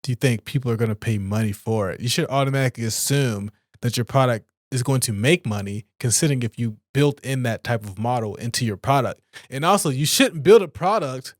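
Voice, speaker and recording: A man's voice: dry recording, clean studio sound. A man hosting a solo podcast, reading out points and ranting about them in a casual, swearing way. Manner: casual, ranty, swears, bursts of high-pitched exasperation; reads aloud and comments with asides. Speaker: podcast host.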